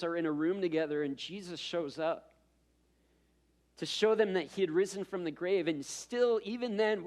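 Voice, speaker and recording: Conversational male pastor preaching. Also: high-pitched. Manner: conversational storytelling with self-deprecating asides; repeats words when building up. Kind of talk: sermon.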